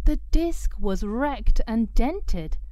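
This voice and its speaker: A woman narrating a children's story aloud in a gentle, expressive way. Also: on the high side, extremely slow, no echo.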